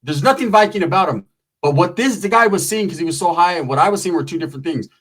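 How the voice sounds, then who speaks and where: A man's voice: sits high, lively intonation, fast, fairly bright tone, poor audio. A man doing stand-up comedy, telling a rambling, profane story and slipping into voices of the people in it. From Mexican-American.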